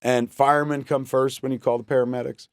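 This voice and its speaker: A man in his forties, appearing as a talk show guest, tells a story in a casual, profane way and acts out what people said. His medium-pitched voice is clear and resonant, a little fast, captured on a studio microphone with no echo.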